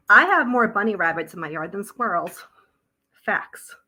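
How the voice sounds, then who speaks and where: A woman's voice: mid-range voice, sing-song, normal speed, pushed and bright, a little hiss or hum, rough recording. A woman on a casual live stream at home, blunt and sweary, chatting with her viewers and her dogs, a little out of breath. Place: home, indoors.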